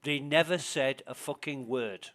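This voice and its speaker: Man, mid-pitched, casual gaming streamer who rambles and swears his way through anecdotes. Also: a little slow, fairly bright tone. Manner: rambling storyteller, swears freely. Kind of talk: casual voice chat while gaming.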